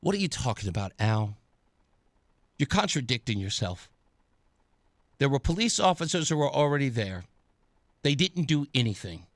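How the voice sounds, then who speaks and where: A man's voice: mid-range voice, normal speed, pauses often, dry recording, clean studio sound. A man hosting a talk radio show, delivering an opinionated, mocking monologue and acting out other people's voices. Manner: animated, mocking, acts out voices.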